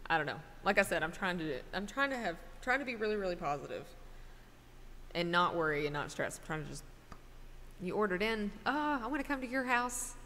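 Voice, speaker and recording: A woman's voice: on the low side, lively intonation, fairly quick, bright, forceful tone, big-room sound, a little hiss or hum. A middle-aged woman chatting casually with her livestream viewers, rambling from one thought to the next. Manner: rambling, chatty, talks to chat directly. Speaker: livestreamer and singer. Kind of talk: casual stream chat.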